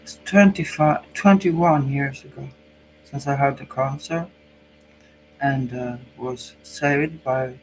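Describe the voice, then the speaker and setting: A man's voice: mid-range voice, takes it slowly, a little mellow, slight background noise, low-quality recording. A Norwegian man with a cold, speaking English as a second language, who muses hesitantly and thinks aloud while giving a tarot card reading. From Norway. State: has a cold. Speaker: psychic channel host.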